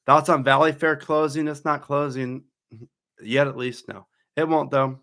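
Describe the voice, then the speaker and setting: A man's voice: fairly high pitch, fairly even intonation, measured pace, fairly bright tone. Chatty man answering viewer questions. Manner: casual, chatty, answers questions aloud then rambles. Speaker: coaster YouTuber host. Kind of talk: live Q&A reading chat questions.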